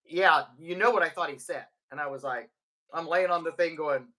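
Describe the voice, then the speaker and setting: A woman in her fifties co-hosting a casual chat show, telling stories with lively laughter. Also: low-pitched, normal speed. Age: 50s. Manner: animated storyteller, laughs often. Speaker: podcast co-host.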